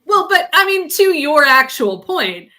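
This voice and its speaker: This co-host's voice sits high and swings widely in pitch, with a bright, forceful tone and a slightly slow pace. She's a chatty podcast storyteller who laughs frequently during the casual conversation.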